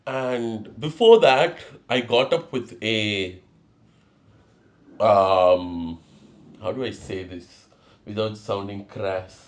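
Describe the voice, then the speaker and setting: Young male podcast host, confessional solo ramble, self-deprecating, lively pitch. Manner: rambling, self-mocking, swears and laughs at himself.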